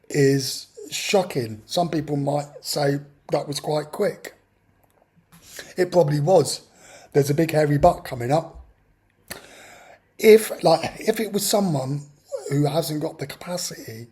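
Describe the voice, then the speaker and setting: A man's voice: on the high side, mellow, husky. A man telling a personal story in an exasperated, ranting way. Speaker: vlogger. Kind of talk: personal account monologue.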